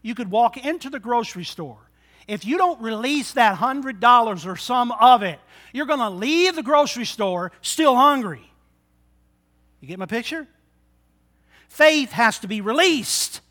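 A pastor with a high, bright, expressive voice preaches a sermon at a somewhat slow pace. He swings from a hushed, intimate tone up to loud exhortation, acting out the characters in his stories along the way.

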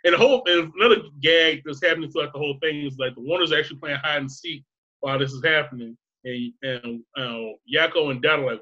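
A man's voice: a little high, fast talker, bright, forceful tone, dull audio. A man rambling through a casual chat, laughing often and swearing freely.

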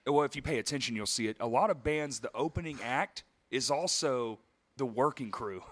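A man co-hosting a casual podcast, swearing freely and telling lively stories about bands. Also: mid-range voice, moderate pace. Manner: profane, animated, acts out quoted voices. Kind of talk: casual chat, storytelling.

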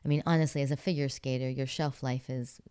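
A woman's voice: very deep voice, fairly even intonation, quick pace, mellow, clear, resonant tone. A woman from Pittsburgh, an actress and former figure skater, telling stories as an interview guest in a chatty way, laughing often. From Pittsburgh, USA. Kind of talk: casual interview storytelling.

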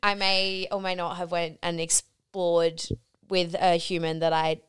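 Young woman podcast co-host, very smooth and clear voice, frank and self-mocking. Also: on the low side, level tone, unhurried, a bit bright. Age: young adult. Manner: frank, self-deprecating, swears casually. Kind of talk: casual chat.

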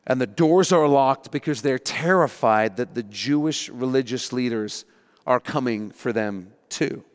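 Male pastor, expressive storyteller, mid-pitched voice, long hall reverb. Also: a little slow. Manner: animated storytelling, acting out panicked voices. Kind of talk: sermon.

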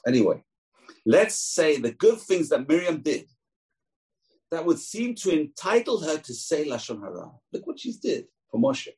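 A man's voice: fairly high pitch, moderate pace, breathy edge, low-quality recording. A man teaching a Torah lesson as a rabbi, telling stories and acting out the voices in them. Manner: animated teller, acts out quoted voices.

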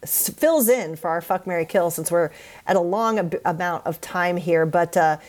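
A woman's voice: lowish voice, normal speed, darkish tone. A woman co-hosting a casual podcast and chatting in an upbeat way, with casual swearing. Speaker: podcast co-host.

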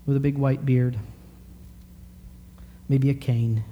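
A man in his thirties preaching a sermon in an animated, conversational way, full of rhetorical questions. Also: mid-range voice, measured pace, pauses often. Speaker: pastor.

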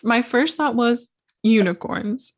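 Husky-voiced woman, giggly podcast chat. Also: fairly high pitch, takes it slowly. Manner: giggly, playful. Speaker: podcast co-host. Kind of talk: casual chat.

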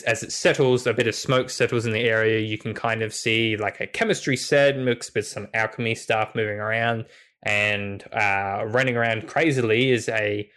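A man's voice: mid-range voice, fairly bright tone. A man narrating as game master, rambling and restarting as he describes the scene. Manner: rambling, many fillers and restarts.

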